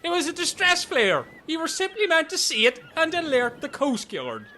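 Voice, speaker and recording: A high, bright, squawking castaway, as a man puts him on. His pitch leaps all over the place as he scolds and mocks. He sounds like he is in a comedic game video. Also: big pitch swings, normal speed, full character voice. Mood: exasperated.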